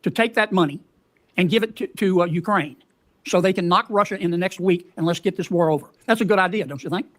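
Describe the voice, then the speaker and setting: A high-pitched man questions an officer at a hearing. He leads the witness with folksy, halting questions and keeps pressing for agreement. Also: a bit bright.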